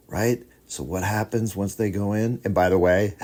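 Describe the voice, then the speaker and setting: A middle-aged man hosting a book discussion podcast, speaking in an animated and opinionated way. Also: lowish voice, normal speed, few pauses. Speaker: podcast host.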